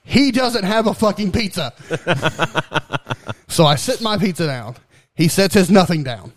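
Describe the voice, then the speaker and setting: A man's voice: high-pitched, expressive, measured pace, no room sound. Young male co-host, profane, laughs through his own stories, dry close mic. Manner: profane, laughing storyteller who acts out voices. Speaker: podcast co-host. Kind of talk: casual chat.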